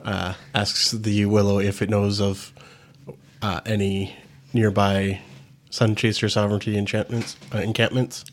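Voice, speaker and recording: A man's voice: lowish voice, level tone, measured pace. A man playing a tabletop game, dry and matter-of-fact. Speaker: player.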